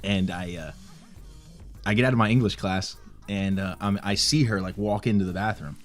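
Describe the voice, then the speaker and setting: A man's voice: fairly low pitch, steady tone, moderate pace, faint music behind. A man co-hosting a podcast, telling an anecdote in casual chat and laughing along. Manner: laid-back, laughs while telling anecdotes. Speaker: podcast co-host.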